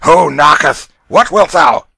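A man reading aloud, voicing a rough, brutal middle-aged father who barks and growls orders in archaic speech. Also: medium pitch, normal speed, a bit bright, dry recording, pitched above the performer's own voice.

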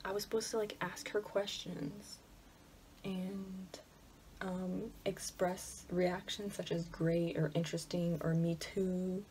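A woman's voice: lowish voice, takes it slowly. Anxious whispering young Michigan woman. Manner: anxious, often hushed to a whisper. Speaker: college student vlogger. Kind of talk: casual vlog chat. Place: her bedroom at home. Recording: steady background noise, lawnmower outside.

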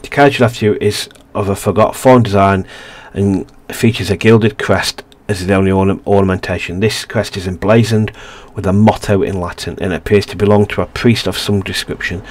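Low-voiced man reading a game story. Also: fairly even intonation, fairly quick, hardly any pauses. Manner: reads the story aloud with restarts and asides. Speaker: let's play host. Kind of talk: reading a narrative game aloud.

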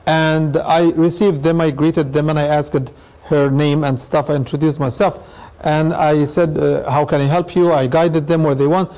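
Middle-aged male imam lecturing, mellow, pitched a bit high. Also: flat delivery, moderate pace, low-quality recording. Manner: explanatory, uses anecdotes and acted quotes. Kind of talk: lecture with audience questions.

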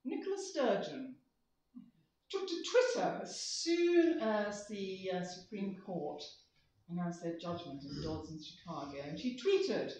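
A woman speaking to a church congregation with animated, dramatic emphasis, acting out the quotes she gives. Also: medium pitch, a little slow. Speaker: guest speaker. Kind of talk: church talk. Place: church hall. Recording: distant roomy church hall, slightly dull.

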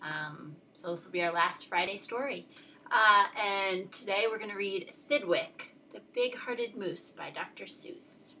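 Bright-voiced woman teacher reading aloud. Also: mid-range voice, measured pace. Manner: chatty, friendly greeting before reading with lively rhyme. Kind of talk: reading a picture book aloud to children. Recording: voice a little far from the mic, faint ambient noise.

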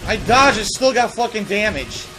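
A man's voice: sits high, lively intonation, moderate pace, noisy background. A man giving live gameplay commentary, ranting with profane frustration and heavy sarcasm. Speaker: gaming streamer.

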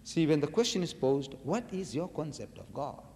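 A man giving an animated religious lecture to an audience, asking rhetorical questions and swinging between loud emphasis and quiet asides. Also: on the high side, moderate pace, a little hiss or hum. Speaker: preacher. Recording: long hall reverb.

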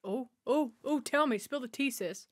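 A woman's voice: sits high, moderate pace. A woman giving a chatty, sassy running commentary while watching a film. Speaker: movie watch-along host.

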